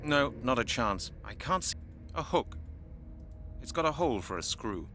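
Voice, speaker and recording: A steady male adventurer from a video game, speaking in a calm, reassuring way. His voice is bright and forward, with a clear edge to it. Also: mid-range voice, normal speed, a little hiss or hum.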